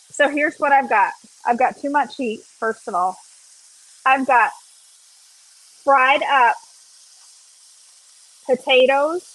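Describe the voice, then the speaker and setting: Woman, slightly high voice, casual cooking vlog, chatty. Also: a bit bright. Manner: chatty, often adds "okay?" and "y'all". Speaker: cooking vlogger.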